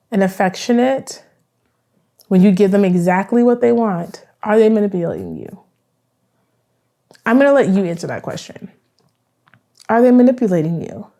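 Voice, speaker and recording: A woman therapist talks in a relaxed, conversational way, with a mellow, warm tone at a middle pitch. She keeps checking in with the listener by asking "right?". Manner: chatty, acts out both sides of dialogues. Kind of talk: conversational explainer monologue.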